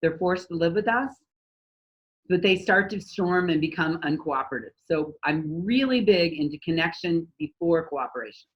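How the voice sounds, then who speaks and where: Woman guest coach, low-ish voice, animated talker who acts out little scenes; dull lo-fi recording. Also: moderate pace. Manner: lively, acts out quoted dialogue with raised voice. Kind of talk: conversational podcast advice.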